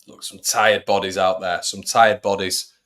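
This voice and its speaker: A man's voice: low voice, little pitch movement, normal speed, sharp tone. A man hosting a football fan watch-along, giving chatty live commentary and talking to his viewers. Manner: chatty, addresses viewers as everybody. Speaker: fan channel host.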